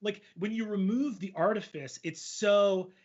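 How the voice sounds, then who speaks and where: Male host, high husky voice, lively rambling delivery, dull lo-fi recording. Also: measured pace. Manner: animated, rambling with many fillers. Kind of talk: casual conversation on storytelling.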